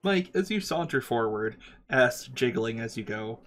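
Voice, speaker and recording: A man narrating as game master for a tabletop game, describing scenes in a halting way with frequent ums and uhs. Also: mid-range voice, expressive, fairly bright tone.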